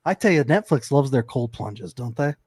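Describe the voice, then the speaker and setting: A man's voice: mid-range voice, lively intonation, moderate pace, a little mellow, breathy edge, no echo. Laid-back young man, dry close sound. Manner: laid-back, wry, joking. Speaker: podcast co-host. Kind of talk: casual recap chat.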